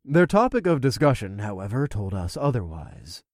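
Guy reading a first-person fantasy story, expressive, super dry close mic. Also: mid-range voice, normal speed, no room sound. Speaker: audiobook narrator.

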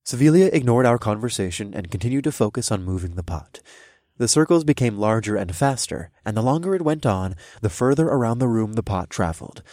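A man reading a first-person fantasy story aloud, with expressive narration. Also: fairly low pitch, brisk, dry recording, studio quality. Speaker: audiobook narrator.

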